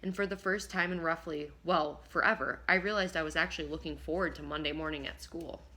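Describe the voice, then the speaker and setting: A woman narrating a first-person audiobook in a lively, expressive way, now and then slipping and rereading a line. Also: low voice, brisk. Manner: lively, expressive reading with occasional slips and rereads.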